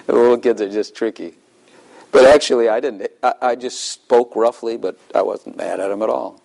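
A man's voice: medium pitch, a little slow, creaky, darkish tone, low-quality recording. An older man preaching a sermon in a loose, conversational way, asking the congregation questions and chuckling between points. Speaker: pastor.

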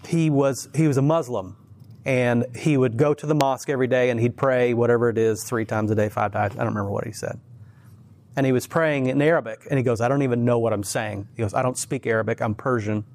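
A man with a voice of ordinary, middle pitch who teaches at church and tells faith stories in a relaxed conversation. He speaks earnestly and with animation. He often stumbles and restarts as his thoughts run ahead. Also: fast talker. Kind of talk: casual faith conversation, storytelling.

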